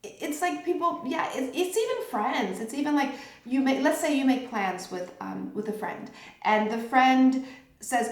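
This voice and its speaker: A woman's voice: on the high side, animated, normal speed. Chatty middle-aged woman teaching in an echoey room. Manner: chatty, checks in with "okay?" and "right?". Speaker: tarot teacher. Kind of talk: informal teaching talk.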